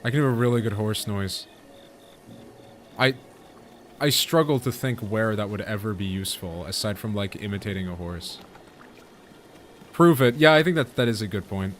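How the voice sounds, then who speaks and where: A man's voice: on the low side, fairly even intonation, normal speed, a little hiss or hum. Rambling male gaming streamer. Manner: rambling, self-interrupting, chatty with viewers. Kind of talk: casual gaming commentary.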